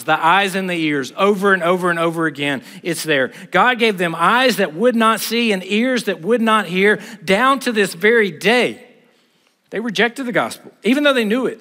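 A high-pitched, bright-voiced middle-aged man preaches with blunt, conversational emphasis. His voice rings out with a long reverb from a large hall. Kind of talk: sermon.

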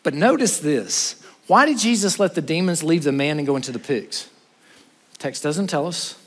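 A male pastor preaching a sermon, telling the story with animation and swinging from loud passages to hushed ones. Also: a little high, expressive, moderate pace, breathy edge. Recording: reverberant hall.

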